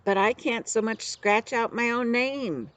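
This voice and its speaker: A woman's voice: on the high side, measured pace, a bit bright, no echo, voice pushed up. A woman voicing a spoiled, haughty boy prince in a storybook reading, whining and giving orders. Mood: whiny. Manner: whiny and imperious.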